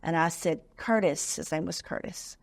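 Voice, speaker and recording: A woman's voice: low voice, a little fast. A middle-aged woman, a nonprofit founder telling her story as a guest on a talk show and acting out the voices she quotes.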